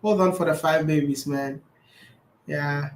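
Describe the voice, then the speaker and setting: A man's voice: on the high side, steady tone, a little slow. A man chatting casually as a vlogger, answering viewer questions, laughing often and repeating his phrases. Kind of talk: casual chat. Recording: roomy echo.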